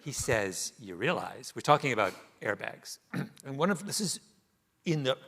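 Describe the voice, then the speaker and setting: A middle-aged man tells an onstage story with real animation, his pitch swooping up and down as he goes. He laughs his way through the punchlines and keeps the pace moving. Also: sing-song, normal speed, a bit bright. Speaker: author guest. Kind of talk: onstage conversation. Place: theater stage before an audience.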